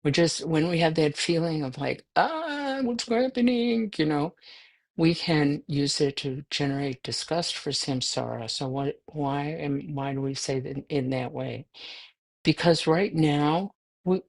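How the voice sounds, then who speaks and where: Buddhist nun, relaxed spoken dharma talk, gravelly voice with many fillers. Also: female voice, low-pitched, unhurried. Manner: conversational, self-deprecating, many fillers. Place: livestreamed talk.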